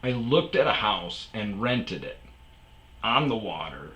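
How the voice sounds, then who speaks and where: A man's voice: on the low side, sing-song, measured pace, a bit bright, roomy sound, poor audio. A man hosting his own podcast, telling a rambling casual story full of fillers and asides. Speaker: podcast host. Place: sparse room at home.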